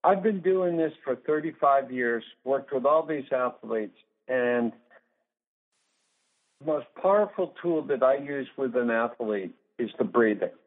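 A man's voice: mid-range voice, unhurried. A man in his sixties, a guest sports psychologist in a phone interview, talking emphatically and laying out numbered points. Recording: tinny phone line.

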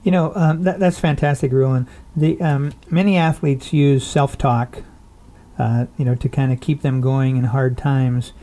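A man's voice: mid-range voice, steady tone, a little slow, warm tone. A man interviewing a guest, asking questions with hesitant fillers. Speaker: podcast interviewer.

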